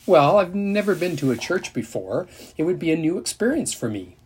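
A man voicing a curious, friendly young girl who asks earnest questions, in a husky storybook reading. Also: a little high, big pitch swings, moderate pace, a little mellow, voice pushed up, full character voice.

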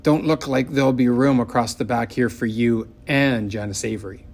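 A man's voice: medium pitch, fairly even intonation, normal speed, a little mellow, close to an everyday voice. Man doing a blunt, folksy country boy. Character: plainspoken rural boy, stubborn and brave.

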